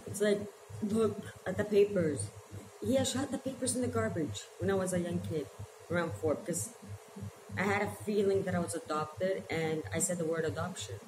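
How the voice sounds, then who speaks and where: A woman in her forties telling her life story to camera, halting and emotional as she holds back tears. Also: lowish voice. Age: 40s. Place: her small shop by the ocean, indoors. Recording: echoey room with background noise.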